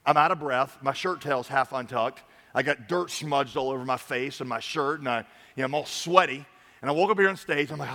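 Emphatic preacher in a reverberant hall. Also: male voice, medium pitch, a little fast. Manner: emphatic preaching, swinging from loud urging to quiet earnest talk. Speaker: pastor. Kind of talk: sermon. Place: large church stage.

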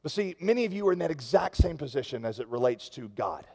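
A man's voice: on the high side, very animated, fast, creaky, a little mellow, slightly rough. A man preaching a sermon, telling a story in a conversational way that builds to impassioned peaks. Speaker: pastor. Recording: long reverb of a large hall.

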